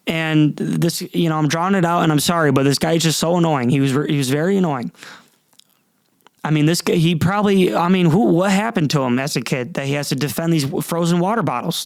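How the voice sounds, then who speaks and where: On his podcast, a man rants in exasperation, swearing freely and stumbling over his own restarts in a rambling, casual story. His voice sits a bit high for a man, and the recording is close and dry with no room echo.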